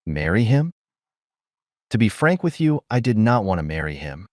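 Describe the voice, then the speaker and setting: An earnest young college girl speaks her mind plainly, her voice rising and falling with plenty of life, played by a man reading aloud. The delivery is direct and a little indignant, with a soft low edge from the reader. It sounds dry and close, with no room around it. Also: sing-song, moderate pace, dry recording. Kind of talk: audiobook character voice.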